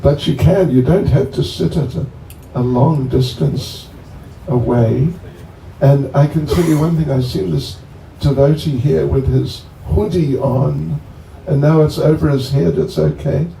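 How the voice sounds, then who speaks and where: Man in a relaxed, joking talk to a crowd of devotees: deep, dark tone, slow delivery, sounds distant and echoey with faint background noise. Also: gravelly. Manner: joking, chatty, slow and rambling. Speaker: swami introducing a guest. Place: bonfire gathering.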